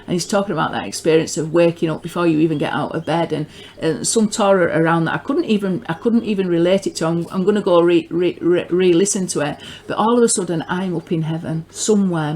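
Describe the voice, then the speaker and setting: A middle-aged woman with a northern English accent giving a rambling personal testimony, often repeating and restarting words as she grows excited. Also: fairly low pitch, fairly quick. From northern England. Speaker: religious video maker.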